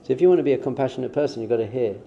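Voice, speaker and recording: A rabbi delivering a relaxed spiritual talk in a deep, mellow male voice. He speaks informally and slips into little acted-out exchanges. The recording sounds somewhat dull and muffled. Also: very fast, creaky. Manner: informal, acts out short quoted exchanges. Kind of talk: conversational spiritual teaching.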